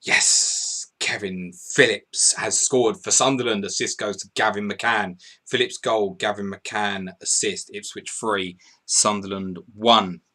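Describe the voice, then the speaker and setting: Excitable man reading live scores. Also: on the low side, a little slow. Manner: excitable, swearing, laughing, reading out chat messages. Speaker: podcast host. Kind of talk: live fantasy football commentary.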